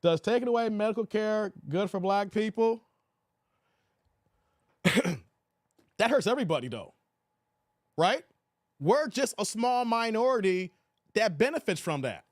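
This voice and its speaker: Casting: high-pitched male stream host, animated, argues with chat, dry close sound. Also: dry recording. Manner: animated, talks back to chat, laughs often. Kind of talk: casual live stream commentary.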